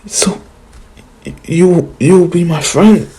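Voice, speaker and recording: A man's voice: high voice, very slow, warm tone, pitched above the performer's own voice. A man voicing an earnest, kind boy ninja in a retold fan story, speaking in a reassuring way.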